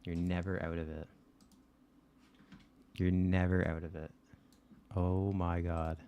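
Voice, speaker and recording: A man hosting a live stream, chatting casually and excitedly with his viewers and swearing freely. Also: low-pitched, slow pace, smooth. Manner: excitable, swearing, talking straight to chat.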